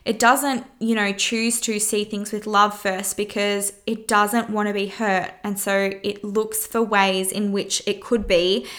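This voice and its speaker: A woman's voice: mid-range voice, fairly bright tone. A woman hosting her podcast, giving frank relationship advice in a casual monologue, swearing freely and asking rhetorical questions. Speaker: podcast host.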